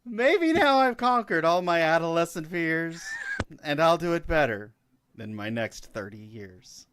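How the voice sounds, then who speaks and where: A man's voice: fairly high pitch, lively intonation, a little slow, a bit bright, slight background noise. A man playing a bard in a tabletop game, singing and rapping parody songs in character. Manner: playful, sings and raps parody songs. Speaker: player voicing a bard.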